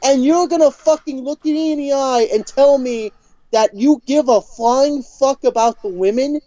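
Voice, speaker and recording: A woman's voice: sits high, measured pace, dark tone, no echo. A woman co-hosting a podcast, delivering a furious, profanity-heavy rant full of stammered restarts. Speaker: podcast co-host. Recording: dull lo-fi podcast audio.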